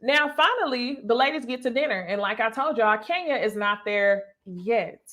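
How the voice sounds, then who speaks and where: A woman's voice: fairly high pitch, animated, moderate pace, bright, forceful tone. A woman giving a chatty, gossipy recap of a reality TV episode, talking straight to her viewers. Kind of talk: casual recap commentary.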